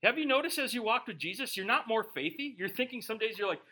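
Bright, high-voiced joking male pastor. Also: expressive, fast, rough recording. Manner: joking, conversational asides between readings. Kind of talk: sermon with scripture reading. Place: church before a live congregation.

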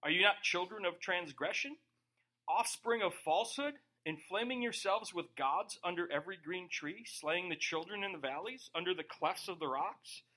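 A man's voice: high voice, animated, normal speed, pushed and bright. A male pastor teaching verse by verse in a conversational way, acting out quoted voices.

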